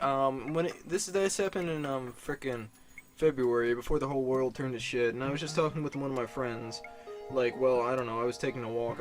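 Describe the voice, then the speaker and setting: A young man from Illinois answering viewer questions in a casual vlog, rambling, swearing, and filling his talk with "like" and "um". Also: medium pitch. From Illinois, USA. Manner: rambling, profane, self-deprecating, lots of fillers. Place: dark room, alone.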